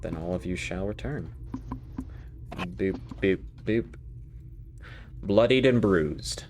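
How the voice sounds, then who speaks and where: Deep-voiced game master, casual. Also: male voice, slow, darkish tone, slight background noise. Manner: casual, with restarts and swearing. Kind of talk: narrating a tabletop game.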